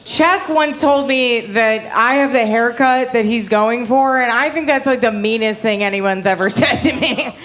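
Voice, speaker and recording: A young woman working a comedy club crowd with a high, bright voice. Her delivery is brash and foul-mouthed. She keeps laughing at her own jokes into a handheld stage mic. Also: unhurried, hardly any pauses. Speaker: stand-up comedian. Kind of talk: stand-up comedy set. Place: comedy club stage before a live audience.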